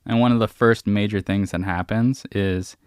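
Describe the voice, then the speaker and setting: A man co-hosting a casual podcast, retelling a video game's storyline and slipping into quick character voices. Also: lowish voice, fairly even intonation, smooth, no echo, studio quality. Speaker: podcast co-host.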